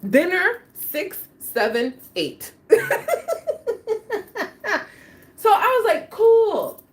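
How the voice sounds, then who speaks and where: A woman's voice: very high voice, wildly swooping pitch, slow. A woman hosting a livestream, telling a personal story in casual slang and laughing often. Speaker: livestream host.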